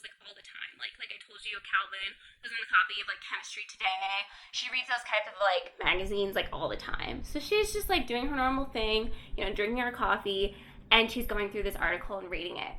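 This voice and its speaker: A woman's voice: medium pitch, sharp tone, a little hiss or hum. A woman hosting a book podcast, recapping the plot in a chatty, casual way with lots of filler words.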